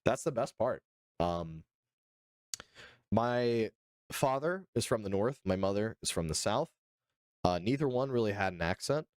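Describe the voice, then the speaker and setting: Lively, jokey low-voiced male streamer. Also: unhurried, long pauses, dry recording, studio quality. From Georgia, US. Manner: jokey, playfully indignant, addresses chat directly. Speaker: live streamer. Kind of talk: casual live-stream news reaction, chatting with viewers.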